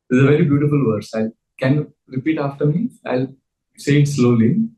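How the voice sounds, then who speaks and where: A man teaches scripture in an earnest, explaining voice at a middling pitch. His lecture rings around a reverberant room. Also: fairly quick, dark tone. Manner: earnest, leads call-and-response chanting. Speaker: spiritual teacher.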